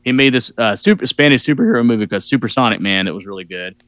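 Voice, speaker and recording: A man co-hosting a podcast, chatting about movies in a relaxed, knowledgeable way. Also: medium pitch, racing, no room sound. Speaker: podcast co-host. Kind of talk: casual chat about movies.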